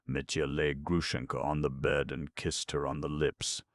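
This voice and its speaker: Male audiobook narrator, very deep voice, gravelly, dry close recording, measured reading. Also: flat delivery, no echo. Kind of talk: scripted narration.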